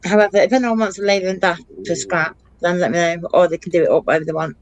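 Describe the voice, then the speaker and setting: A woman's voice: fairly low pitch, steady tone, quick pace, low-quality recording. A middle-aged woman from Derbyshire with a Derbyshire accent, a caller chatting casually and often searching for words. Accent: Derbyshire English. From Derbyshire, England. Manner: rambling, searching for words with fillers. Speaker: caller on a livestream. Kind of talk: casual chat.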